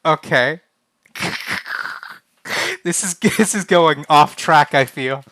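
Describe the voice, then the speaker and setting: A man's voice: a little high, takes it slowly, fairly bright tone, dry recording. A young man streaming a text adventure game, reading the game text aloud in a casual, flustered way and often laughing. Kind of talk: casual live-stream commentary.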